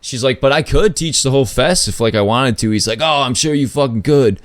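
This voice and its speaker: A man at a middle pitch tells a story in a relaxed, rambling way, leaning hard on "like" and casual swearing. He jumps up in pitch when he acts out what other people said. The sound is dry and close, with no room around him. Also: fairly quick, no room sound. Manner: loose, filler-heavy talk with lots of "like" and swearing. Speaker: podcast host.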